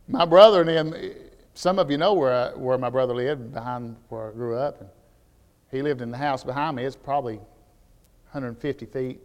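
A man preaching a sermon as pastor, telling animated stories that build to near shouts. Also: a little high, in a large hall.

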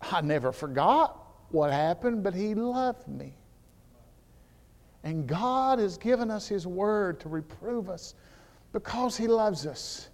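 A man preaching a sermon as pastor, telling animated stories that build to near shouts. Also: sits high, takes it slowly, big-room sound.

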